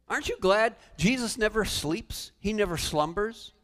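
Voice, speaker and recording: A male pastor preaching a sermon in a church sanctuary, animated, with humorous asides. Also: sits high, moderate pace. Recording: long church reverb.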